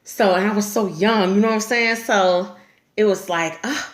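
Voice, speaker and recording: A woman's voice: mid-range voice, normal speed. A woman vlogger telling a story to camera in a frank, profane way, laughing often as she talks. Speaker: YouTube storyteller. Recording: echoey room.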